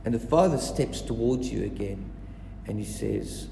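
A man's voice: lowish voice, expressive, a little slow, gravelly, noisy background. A man preaching a sermon, stressing and repeating his key phrases. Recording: echoey hall with faint ambience.

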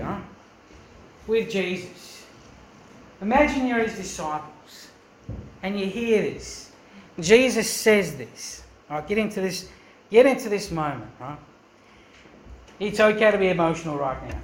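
Earnest preacher in echoey church. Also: male voice, high-pitched, very animated, unhurried, long pauses. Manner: earnest, emphatic preaching with rhetorical questions. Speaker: pastor. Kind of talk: sermon.

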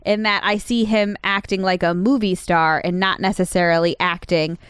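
A woman co-hosting a casual film podcast, animated and quick to laugh, with fast asides. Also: on the low side, clear, resonant tone, no room sound, clean studio sound. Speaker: podcast co-host. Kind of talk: casual chat about films.

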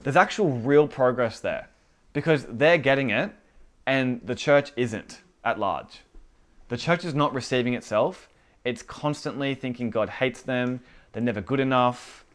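A man in a casual faith talk, retelling a movie scene and acting out its dialogue, rising to loud emphatic bursts. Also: medium pitch, a little slow.

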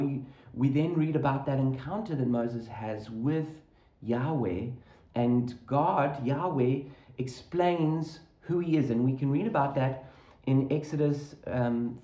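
A man's voice: mid-range voice, warm tone, roomy sound, poor audio. A man from Africa preaching a sermon, earnestly explaining scripture and Hebrew words.

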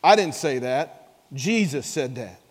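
A man preaching a sermon as pastor, moving between soft low asides and shouted high exclamations and calling on the congregation to answer him. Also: expressive, measured pace, breathy edge, long reverb tail. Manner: calls for audience response.

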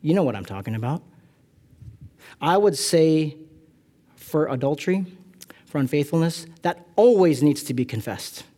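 Delivering a sermon at a moderate pace with frequent pauses, this middle-aged pastor from California has a fairly high voice. He spins animated stories that poke fun at himself, dotted with lively asides.

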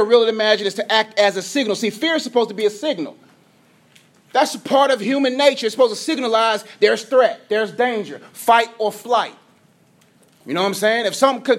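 Preaching as a pastor, a man with a very high voice speaks energetically, sinking from booming to hushed. At times he stutters and trips over what he's saying.

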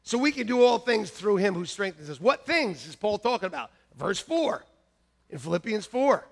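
High gravelly pastor voice, animated preaching in church, laughs a lot. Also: male voice, normal speed. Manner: animated, laughing, repeats lines to the congregation; shouts mock-angry quotes at peaks. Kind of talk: sermon.

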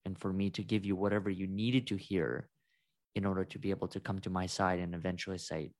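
A man's voice: low voice, steady tone, quick pace, a little mellow, no room sound. A man co-hosting a podcast, talking through his experience in a reflective, thinking-aloud way with frequent restarts. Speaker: podcast co-host. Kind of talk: conversational podcast chat.

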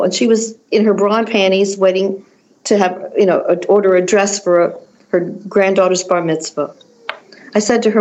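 This older woman talks in an animated, storytelling way, tumbling through her sentences and repeating herself as the story builds. Her pitch sits in the middle of the range for a woman. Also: normal speed, low-quality recording. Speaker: fashion designer guest. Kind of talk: conversational storytelling.

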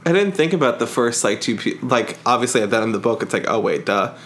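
A man co-host chats about a book in a relaxed, joking way. His pitch sits in a middle range, and he drops lower when he muses. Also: quick pace, slight background noise. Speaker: podcast co-host. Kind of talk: casual book discussion chat.

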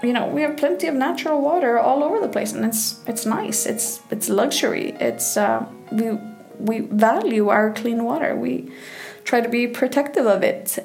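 A woman's voice: a little high, vocal fry, a little mellow. A woman from Iceland, a sexologist chatting casually with laughs and fillers, recorded on a phone headset in her bathtub. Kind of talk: casual storytelling monologue.

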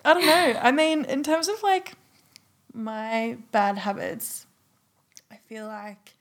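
A woman's voice: on the high side, fairly even intonation, slow pace. A young adult woman co-hosting a podcast in casual chat, saying "like" constantly. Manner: says "like" constantly. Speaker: podcast co-host.

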